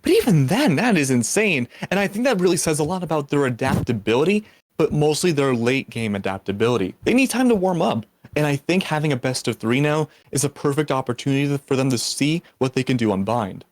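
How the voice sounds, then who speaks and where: A man casting a live esports match, chatty and upbeat and quick to joke, speaking over a headset mic. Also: mid-range voice, expressive, no echo. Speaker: esports caster.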